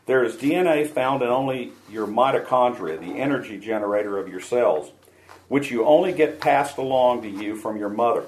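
A man hosting a radio show, reading a scripted dialogue aloud in a measured way. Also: mid-range voice, darkish tone, a little hiss or hum, rough recording.

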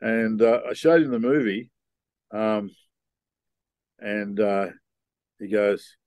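An older man being interviewed, telling long rambling stories in a relaxed, casual way. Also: fairly low pitch, slow pace, pauses often, dry recording. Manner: laid-back rambling storyteller. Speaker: guest.

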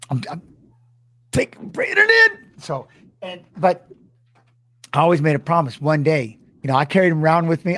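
A middle-aged man telling an emotional story, halting and repeating himself, close to tears. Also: fairly high pitch, no echo. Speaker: former fighter and guest.

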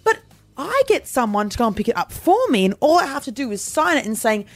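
A woman's voice: a little high, big pitch swings, fast, no room sound. A woman, co-hosting a podcast and ranting in exasperation, acting out little quoted exchanges. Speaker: podcast co-host. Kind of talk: ranting casual chat.

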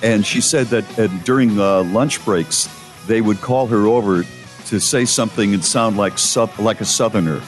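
A man co-hosting a radio show, telling stories in casual, earnest chat with halting restarts. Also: lowish voice, soft background music.

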